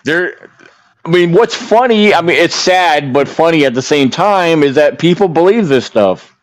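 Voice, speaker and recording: A man's voice: fairly high pitch, lively intonation, moderate pace, dry recording. A man co-hosting a podcast, chatting casually and rambling with many fillers and restarts. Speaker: podcast co-host.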